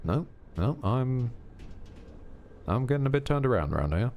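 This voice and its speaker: A man chatting through a live game stream, wandering off on tangents and catching himself mid-sentence. His pitch swings widely, and a faint hiss sits under the voice. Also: very animated, moderate pace, a little mellow. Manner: rambling, self-interrupting, wry asides. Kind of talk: casual live gameplay commentary.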